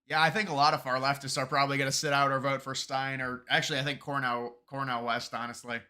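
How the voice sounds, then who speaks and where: A man's voice: medium pitch, level tone, quick pace, sharp tone. A man live streaming political commentary while answering viewer chat, argumentative and emphatic, often restarting and repeating words. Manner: argumentative, gets heated and emphatic.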